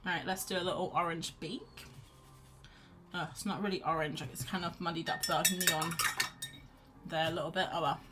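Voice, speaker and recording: A woman's voice: lowish voice, steady tone, normal speed, long pauses, music in the background. A woman hosting a casual live painting chat, chatty and self-deprecating, laughing often. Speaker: art livestream host.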